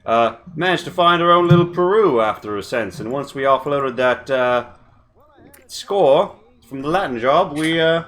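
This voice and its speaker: A man's voice: a little high, animated, moderate pace, fairly bright tone. Man doing Tiddlywinks, a drunk pompous rogue with a British accent. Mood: boastful. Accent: put-on British. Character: drunk leering male hat-wearing rogue with British airs.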